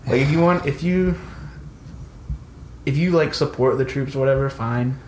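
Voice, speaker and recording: A man's voice: medium pitch, moderate pace, a little mellow, echoey room, a little hiss or hum. A man co-hosting a casual podcast chat, blunt and sarcastic, swearing freely. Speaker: podcast co-host.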